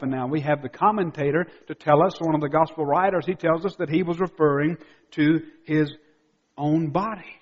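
A male pastor preaching a sermon, swinging from quiet, intimate asides to loud, emphatic declarations. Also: a little high, a little fast, long reverb tail, highs cut off. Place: church sanctuary.

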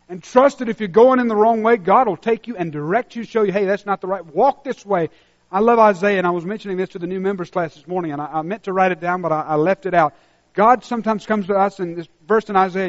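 A man preaching a sermon as pastor, dropping to a hushed intensity and then rising to loud, emphatic exhortation. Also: on the high side. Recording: muffled lo-fi sermon recording.

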